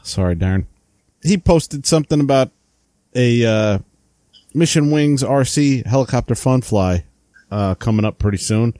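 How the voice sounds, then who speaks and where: A man's voice: mid-range voice, animated, normal speed, dark tone, no room sound. A man with a New Jersey accent co-hosting a podcast in casual, joking chat, rambling with plenty of fillers. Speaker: podcast co-host.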